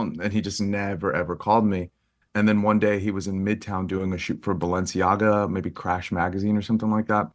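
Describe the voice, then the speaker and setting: A man with a fairly low voice tells stories as a podcast guest. He talks in an animated, lively way, jumping up in pitch when he acts out what people said, and he laughs often as he goes. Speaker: guest photographer. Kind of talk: casual interview storytelling.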